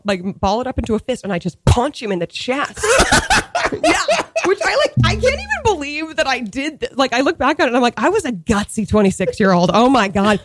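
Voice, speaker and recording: A woman in her thirties telling a story in casual chat, animated, packed with fillers, laughing often. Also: high voice, slightly rough, dry recording.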